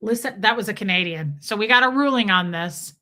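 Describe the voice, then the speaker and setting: Reading super chats on her livestream, this woman talks a little fast in a medium register. The banter is casual and cheeky, laced with swearing, silly voices and bursts of singing.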